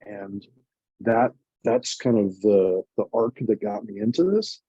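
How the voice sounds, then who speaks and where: A man's voice: lowish voice, expressive, measured pace, dark tone, breathy edge, no echo, lo-fi sound. A man in his forties, a nonprofit co-founder, telling his story in an earnest, emotional, chatty way. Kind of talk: reflective conversational storytelling.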